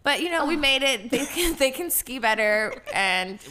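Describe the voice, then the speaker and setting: Middle-aged woman, bright voice, profane animated storyteller, casual chat. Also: sits high, moderate pace.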